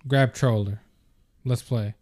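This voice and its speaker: A man's voice: mid-range voice, steady tone, takes it slowly, a little mellow. A young man co-hosting a podcast, chatting casually in a laid-back, joking way with a lot of swearing. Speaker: podcast co-host. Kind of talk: casual chat.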